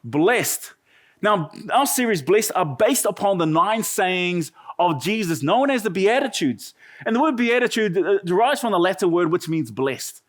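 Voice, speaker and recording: A man's voice: high voice, lively intonation, normal speed, a bit bright. A man with a New Zealand accent preaching a sermon, telling a humorous story with chatty asides to the congregation. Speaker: pastor.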